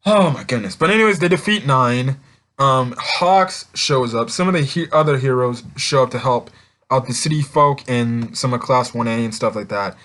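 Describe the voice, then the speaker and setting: Rambling excitable young man reviewing. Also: medium pitch, moderate pace. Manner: rambling, excitable, many fillers and restarts. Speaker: anime reviewer.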